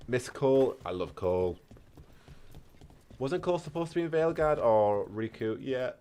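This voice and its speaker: A man's voice: medium pitch, animated, moderate pace, warm tone, clear, resonant tone. A man with a Yorkshire accent chatting casually while streaming a game and reading chat aloud. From North Yorkshire, England. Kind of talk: casual gaming commentary.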